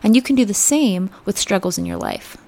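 A woman with a gravelly, vocal-fried edge to her mid-pitched voice hosts a motivational self-help podcast. She speaks earnestly and reflectively, often sinking into soft, near-whispered phrases. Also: wildly swooping pitch, fairly quick. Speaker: podcast host.

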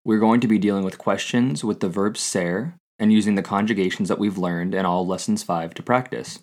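Low-voiced guy teaching a language lesson, slow and clear like a scripted tutorial. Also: a little mellow. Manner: clear, deliberate teaching delivery with example sentences.

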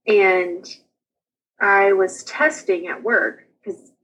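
A young woman, a guest on an interview show, chatting casually and quickly about her own experiences, often laughing as she tells them. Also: medium pitch, fairly even intonation, a bit bright, husky, muffled recording. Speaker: guest sharing her birth story. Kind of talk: casual personal storytelling.

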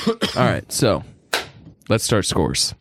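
A man's voice: fairly low pitch, wildly swooping pitch, very slow, a bit bright, no echo, studio quality. A man co-hosting a podcast, dropping wry, sarcastic asides in casual movie-review chat. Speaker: podcast co-host.

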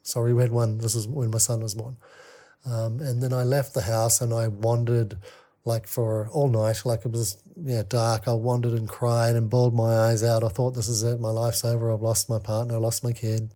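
Mellow-voiced man telling his story. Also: mid-range voice, level tone. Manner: halting, many fillers and restarts. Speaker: podcast guest. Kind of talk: candid personal storytelling.

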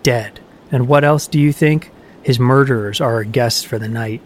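A man voicing a grim, vengeful old farmer who works magic, speaking slowly and with heavy emphasis. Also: mid-range voice, slight background noise, natural voice.

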